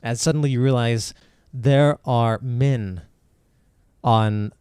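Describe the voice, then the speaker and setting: A man's voice: mid-range voice, slow pace, a little mellow, clear, resonant tone, dry recording, clean studio sound. A man narrating a tabletop game as game master, rambling with lots of fillers and restarts.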